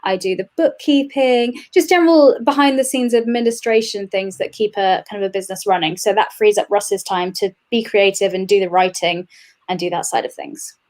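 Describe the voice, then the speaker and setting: A woman's voice: medium pitch, moderate pace, darkish tone. A young woman chatting as an interview guest. She talks easily, laughs often and fills gaps with "um" and "uh". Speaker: guest, games industry administrator. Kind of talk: casual interview chat.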